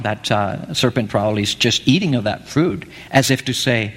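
A man's voice: medium pitch, moderate pace, few pauses, a bit bright. A man preaching a sermon in a conversational way, often asking his listeners questions. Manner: conversational, asks the audience questions. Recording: echoey hall.

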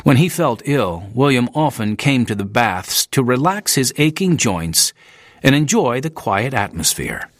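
A male audiobook narrator reading in a clear, steady storytelling manner. His intonation moves with animated ups and downs at a medium pitch. The studio sound is dry and close. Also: unhurried, no room sound.

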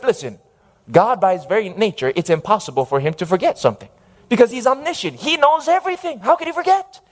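A male preacher delivers a sermon in a high voice. He speaks emphatically and stops often to call out for an amen from his listeners. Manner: emphatic, calls for audience amens.

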